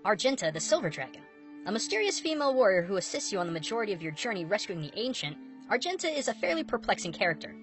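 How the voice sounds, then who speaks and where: A woman narrating a scripted video at a quick clip, her pitch leaping around in a lively, playful way. Background music runs beneath her voice-over. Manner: upbeat, bouncy, playful. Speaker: video host.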